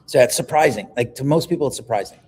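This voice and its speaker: A man, a livestream guest telling stories in an animated, emphatic way. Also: medium pitch, fast talker, husky. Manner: animated storyteller, emphatic, repeats words when excited. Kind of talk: casual livestream conversation.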